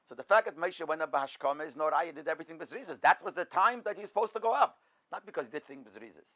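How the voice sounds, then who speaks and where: A man's voice: a little high, animated, fast, a bit bright, muffled recording. A man, a rabbi, giving an in-depth Torah lecture, posing questions and then answering them himself. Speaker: rabbi teaching a class.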